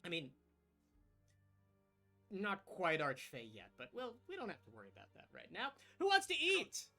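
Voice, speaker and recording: A man's voice: fairly high pitch, huge pitch swings, normal speed, vocal fry, pushed and bright, soft background music, heavily acted. A man voicing a flirtatious, carefree fae princess with a playful, laughing manner in a tabletop game. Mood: breezy.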